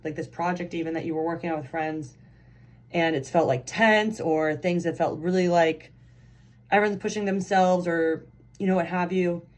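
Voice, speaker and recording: A woman giving a casual pick-a-card tarot reading, chatty and excitable, rambling with lots of fillers. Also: lowish voice. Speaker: tarot reader.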